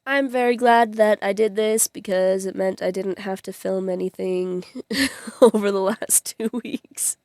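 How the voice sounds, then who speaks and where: A young woman talks through her vlog at an unhurried pace, giggling often and rambling with plenty of fillers. Her voice sits at an ordinary pitch for a woman. The recording is close and dry, with no room sound. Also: fairly even intonation, a little mellow, no room sound. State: tearful at times. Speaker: vlogger. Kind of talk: casual vlog chat.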